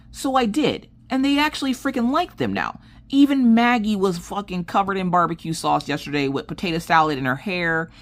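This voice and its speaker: A woman chatting casually while she works on a diamond painting, telling stories with lots of restarts. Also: on the low side. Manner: chatty storyteller, restarts and laughs often. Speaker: crafting vlogger.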